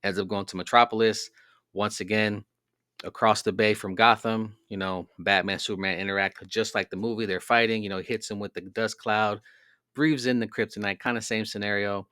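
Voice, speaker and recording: A man's voice: on the low side, steady tone, moderate pace, sharp tone, smooth, dry recording, studio quality. A man hosting a podcast, telling a long story in a casual, rambling way with many fillers. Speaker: podcast host. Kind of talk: casual monologue.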